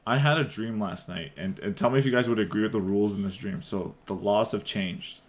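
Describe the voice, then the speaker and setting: A man's voice: lowish voice, fairly quick, a crowd in the background. A man co-hosting a podcast, joking around, laughing and acting out silly bits in casual chat. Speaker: podcast co-host.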